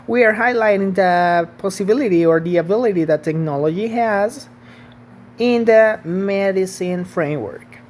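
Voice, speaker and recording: A woman's voice: fairly low pitch, darkish tone, a little hiss or hum. Woman teaching English grammar. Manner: patient, checks in with "okay?" and "right?". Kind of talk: online grammar lesson.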